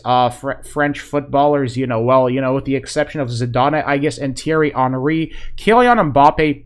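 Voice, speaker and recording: A man giving a casual, rambling football reaction, excitable and full of fillers like "man" and "you know". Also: fairly high pitch. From Polish fan. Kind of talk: casual video reaction commentary.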